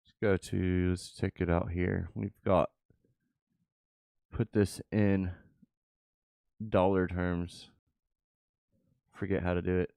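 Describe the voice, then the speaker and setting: With long pauses and little movement in pitch, this channel host gives slow, casual live commentary on his crypto trades, murmuring offhand remarks to himself. His low-pitched voice has vocal fry and a darkish tone, and the recording is dry.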